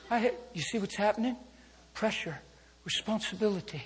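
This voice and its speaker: A male preacher telling a story in a sermon to a congregation, moving between intimate hushes and fervent calls. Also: sits high, a little fast, slight background noise. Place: church service with a congregation. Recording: long hall reverb.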